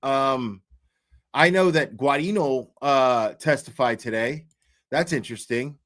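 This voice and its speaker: A man's voice: medium pitch, a little slow, a bit bright. A man hosting a casual livestream, rambling loosely with lots of fillers and easy laughs. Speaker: livestream host.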